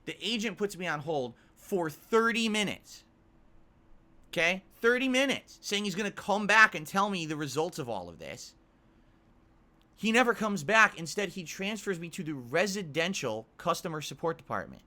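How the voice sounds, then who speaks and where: A man's voice: on the high side, big pitch swings, moderate pace, pushed and bright. A man streaming, exasperatedly retelling a long customer service ordeal. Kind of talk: venting story on a livestream.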